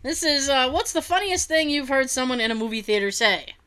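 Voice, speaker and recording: A woman's voice: high voice, animated, brisk, pushed and bright, clear, resonant tone. A woman chatting casually and reading out funny stories, giggling and acting out quotes in silly voices.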